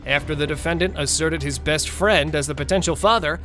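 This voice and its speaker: A man's voice: a little high, fairly quick, bright, forceful tone. A man narrating a court show recap in a mocking, gossipy tone, over faint music.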